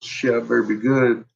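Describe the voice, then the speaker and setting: A man's voice: medium pitch, creaky, darkish tone, slight background noise. A middle-aged father telling stories about his son in casual chat, laughing often and swearing freely. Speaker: vlogger, father. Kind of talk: casual storytelling. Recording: dull lo-fi sound.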